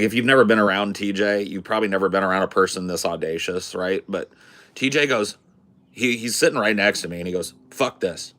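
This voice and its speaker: A man telling a story in a casual, animated, profane way as a podcast host. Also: lowish voice. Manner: animated, profane, swears freely.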